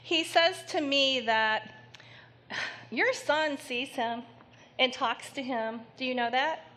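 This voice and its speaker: A woman psychic medium giving a live reading to an audience member in a theater, speaking gently and haltingly with many pauses. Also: high voice. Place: theater stage before an audience.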